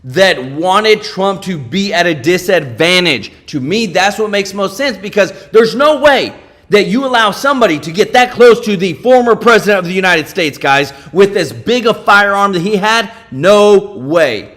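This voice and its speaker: A male livestream host with a high, bright voice. He reacts to clips with excitement. He keeps turning to his viewers and calling them "guys". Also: moderate pace. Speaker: channel host.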